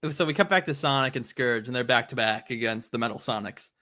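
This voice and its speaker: A man's voice: medium pitch, fast, sharp tone. A man hosting a casual chat about comics, laid back and laughing often while he quotes characters. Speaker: host.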